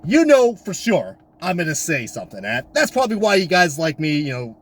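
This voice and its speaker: Ranting man, lively high voice. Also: brisk, slight background noise. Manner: loud, swearing, exasperated, swings from high shouts to low mutters. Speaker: diecast collector vlogger. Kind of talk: profane comedic rant. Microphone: camera mic.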